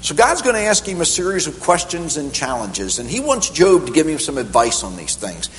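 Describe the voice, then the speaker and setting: A middle-aged man preaching a sermon in a church hall, emphatic and animated, climbing higher on the key points. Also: a little fast. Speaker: pastor. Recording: echoey hall with faint hum.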